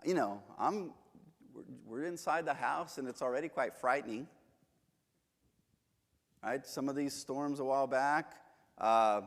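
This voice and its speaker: A man teaching a church Bible class, chatty and joking as he tells stories from home. His voice sits a bit high for a man. The long reverb of a church hall hangs behind him. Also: fairly bright tone. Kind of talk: casual church lesson with anecdotes.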